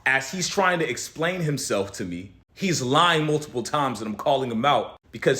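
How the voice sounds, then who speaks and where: A young man telling a personal story in an animated way, his voice climbing high when he gets worked up. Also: normal speed, hardly any pauses. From United States. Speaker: commentator. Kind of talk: storytime commentary.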